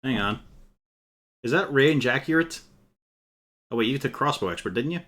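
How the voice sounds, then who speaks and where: A man's voice: medium pitch, animated, moderate pace, a bit bright. Wry man at a game table. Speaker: player. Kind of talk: casual chat at a game table.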